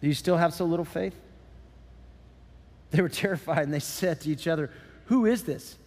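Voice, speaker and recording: A middle-aged man preaching a sermon as pastor, animated and conversational with casual asides. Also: on the high side, fairly quick. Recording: church hall with long reverb.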